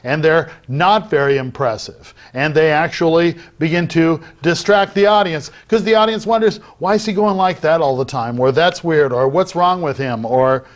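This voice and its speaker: A middle-aged man giving a recorded lecture on public speaking, acting out loud, soft, fast and slow delivery as he explains it. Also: fairly high pitch. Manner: demonstrates vocal techniques while teaching, varying loudness and pace. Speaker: debate lecturer.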